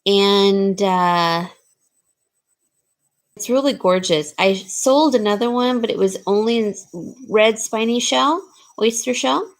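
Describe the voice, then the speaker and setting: A woman's voice: mid-range voice, slow pace. A woman casually showing and describing jewelry for sale, rambling with frequent ums and restarts. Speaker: jewelry seller. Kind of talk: casual jewelry showcase talk.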